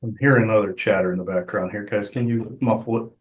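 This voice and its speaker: A man hosting and channeling, talking casually in a halting way with many restarts. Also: lowish voice, steady tone. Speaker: channeler and show host. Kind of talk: casual chat. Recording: roomy echo.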